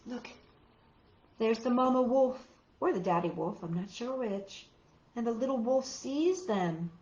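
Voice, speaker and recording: Woman doing a kids' storytime, slow and high, wondering out loud, roomy slightly dull sound. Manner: expressive and wondering aloud, with soft gasps. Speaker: storytime reader. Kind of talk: children's storytime narration.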